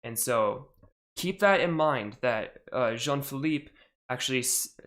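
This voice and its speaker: A man's voice: medium pitch, expressive, unhurried, a bit bright. A young man hosting a live stream podcast, talking casually and correcting himself as he goes. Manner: rambling, self-correcting, chatty. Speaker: podcast host on a charity stream. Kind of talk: casual live-stream talk about astronomy.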